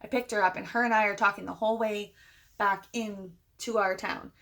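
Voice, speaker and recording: A woman's voice: mid-range voice, fairly even intonation, brisk, fairly bright tone. Chatty young woman telling a story. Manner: chatty, retells conversations with many "I'm like" quotes. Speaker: vlogger. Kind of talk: casual storytime.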